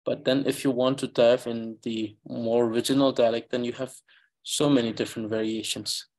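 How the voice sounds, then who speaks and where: A man with an Eastern Tibetan accent explains words to his students in an online class. His voice sits at a middle pitch, and he talks in halting bursts, filling the gaps with "uh" as he thinks aloud. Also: flat delivery, darkish tone. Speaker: Tibetan language teacher. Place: online class, video call.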